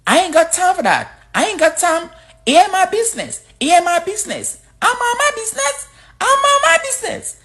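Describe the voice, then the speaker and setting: A woman putting on the voice of a sassy, dismissive, fast-talking friend who brushes everything off. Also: expressive, pushed and bright. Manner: high-pitched, brushing things off.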